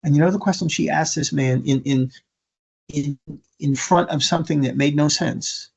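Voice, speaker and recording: A man's voice: a little high, normal speed. A man giving an earnest storytelling talk as a speaker, emphatic and with stammering restarts. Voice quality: gravelly, husky. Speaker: keynote speaker. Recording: dull lo-fi recording.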